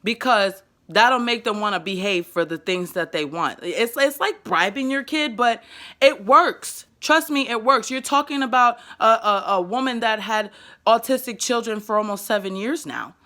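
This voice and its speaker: A woman in her twenties with a New York accent, giving parenting advice straight to camera in a quick, emphatic way, often stumbling and repeating words. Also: a little high, pushed and bright. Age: 20s. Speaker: parenting vlogger. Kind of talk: direct-to-camera advice vlog.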